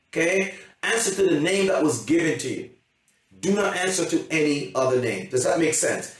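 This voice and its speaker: A man giving an emphatic motivational seminar talk as a coach, often repeating himself and checking that his audience understands. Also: on the high side. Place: seminar room. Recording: heavy echo, from a distance.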